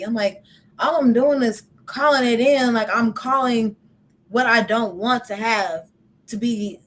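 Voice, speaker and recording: A woman's voice: a little high, fairly even intonation, normal speed, a little hiss or hum. A young woman hosting a podcast in casual chat, talkative and laughing often, with many "like" fillers. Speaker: podcast host.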